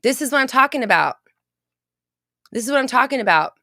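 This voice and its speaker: A woman in her thirties hosts a motivational talk show, speaking bluntly and swearing freely. Her voice sits fairly high. The sound is dry and close, with no room echo. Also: lively intonation, a little fast, sharp tone. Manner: blunt, profane, emphatic. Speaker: podcast host.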